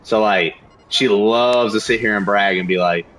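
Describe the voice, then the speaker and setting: A man's voice: on the low side, normal speed, a bit bright, a little hiss or hum, poor audio. A young man streaming a game on a headset mic, telling stories in a laid-back, casual way with lots of swearing. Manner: laid-back storytelling, heavy swearing, frequent laughs. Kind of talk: casual chat while gaming.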